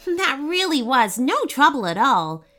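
Lady reading as a sweet curious girl, gentle, storybook, kinda high. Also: very animated, measured pace, heavily acted. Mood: caring. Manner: warm, gentle.

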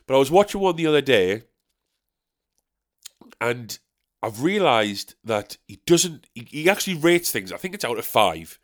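Stand-up comedian from South Shields, man, North East English accent, exasperated ranting monologue, medium pitch. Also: sing-song, normal speed, pauses often. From South Shields, England. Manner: exasperated ranting, swearing, with sharp high-pitched "what?" outbursts. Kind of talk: casual monologue podcast.

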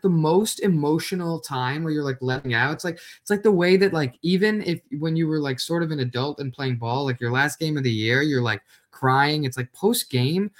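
A man's voice: on the high side, fairly bright tone. A man co-hosting a sports podcast, thinking aloud casually, often restarting his sentences. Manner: hesitant, restarts often, thoughtful. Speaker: podcast co-host.

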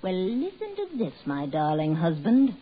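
An actress in 1940s radio drama playing a cruel wife who is turning into a cat, her voice shrill and breaking into screams. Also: wildly swooping pitch, normal speed, husky, full character voice. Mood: taunting. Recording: dull old radio recording with faint hiss.

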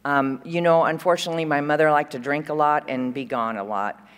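A woman's voice: sits low, a little fast, clear, resonant tone. Woman at a conference podium, chatty and rambling, large reverberant hall. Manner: chatty, rambling, fond, with frequent fillers and laughs. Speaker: conference speaker. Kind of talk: recovery share at a conference.

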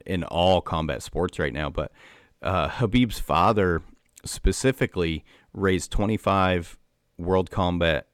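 Deep male guest, dry close-miked, keen explainer full of fillers. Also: dry recording. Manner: enthusiastic explainer, many fillers like "um" and "like". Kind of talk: casual conversation.

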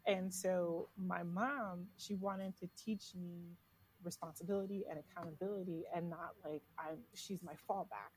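A woman's voice: lowish voice, fairly even intonation, a little slow, darkish tone, a little hiss or hum, rough recording. A woman as a podcast guest, telling personal stories in a candid, casual way. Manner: candid, personal storytelling with many "like"s. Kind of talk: casual interview conversation.

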